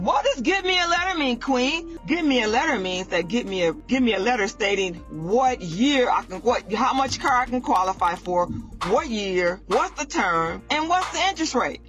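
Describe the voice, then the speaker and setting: A woman's voice: on the high side, fairly bright tone, highs cut off. A woman hosting a casual podcast about buying cars, talking emphatically and repeating her points like a sermon. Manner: emphatic, repetitive, preachy. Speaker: car sales podcast host.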